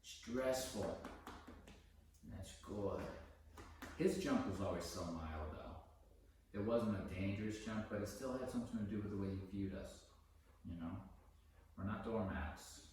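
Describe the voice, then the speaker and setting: A man working as a dog trainer, explaining his methods casually during a session and breaking into high, excited praise for the dog. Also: a little slow, pauses often, recorded from a distance, slight background noise. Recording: echoey room, voice from off the mic.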